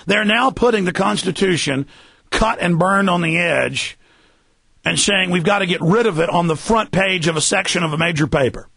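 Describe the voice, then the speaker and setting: Gravelly, ranting male radio host. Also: high-pitched, normal speed, pushed and bright, no room sound. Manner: fiery, ranting, heated. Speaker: radio talk show host. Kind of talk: talk radio monologue.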